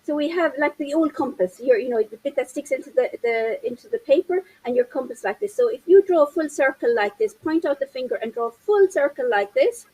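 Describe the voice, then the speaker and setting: A woman's voice: high voice, expressive, a little fast, hardly any pauses, a little mellow, low-quality recording. A woman in her fifties, a parenting coach, talking animatedly and gesturing with her hands as she explains in an interview. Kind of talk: interview conversation.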